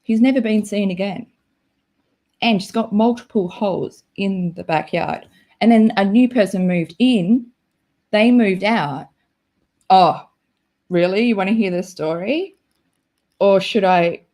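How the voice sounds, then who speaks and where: A woman's voice: mid-range voice, unhurried, long pauses, darkish tone. A young Australian woman hosting a casual livestream, chatty and self-deprecating as she reacts to her chat. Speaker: livestream host.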